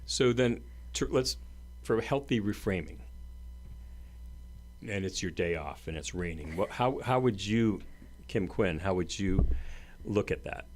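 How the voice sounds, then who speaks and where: Man, very low voice, podcast co-host, earnest, explains things casually. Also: lively intonation, a little slow, long pauses, darkish tone, a little hiss or hum. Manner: earnest, explanatory, many fillers. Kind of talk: casual conversation.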